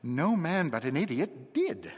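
Storybook role: a man playing a feverish, stammering young curate, pitched high, with lively swings. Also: fairly quick, breathy edge, full character voice. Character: young male curate, frantic, nervous, excitable. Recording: long reverb.

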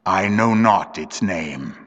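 A man voicing a pitiful old castaway in a storybook reading, speaking in a hushed, broken, pleading way, with long reverb. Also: low voice, lively intonation, takes it slowly, lo-fi sound, voice pushed down, full character voice.

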